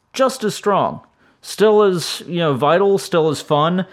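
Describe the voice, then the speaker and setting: A middle-aged man hosting a music podcast, reviewing albums in a casual, enthusiastic and rambling way, tired and breaking off now and then to chuckle. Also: fairly high pitch. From St. Louis, United States. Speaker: podcast host.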